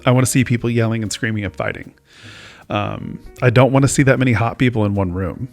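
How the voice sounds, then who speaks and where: Rambling and self-mocking, this talk-show host chats casually in a very animated, fast delivery. His mid-range voice is gravelly with a darkish tone, and faint music plays behind him.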